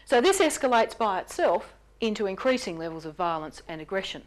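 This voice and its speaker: A woman with a mid-range voice delivers an explanatory lecture. Her delivery is lively, jumping up in pitch to stress key words. She acts out the lines she quotes in character. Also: a little fast.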